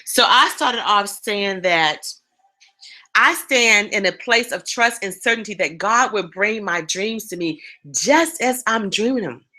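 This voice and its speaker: A woman giving a motivational talk, telling animated stories and addressing her listeners directly. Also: mid-range voice, unhurried, poor audio. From East Coast of the United States. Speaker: motivational speaker.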